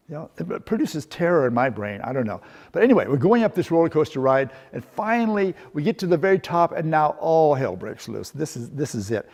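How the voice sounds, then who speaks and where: A man's voice: a little high, sing-song, brisk, a little mellow, long reverb tail. A middle-aged man presenting a workshop, telling a humorous story with rhetorical questions in a lecture style. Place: seminar room.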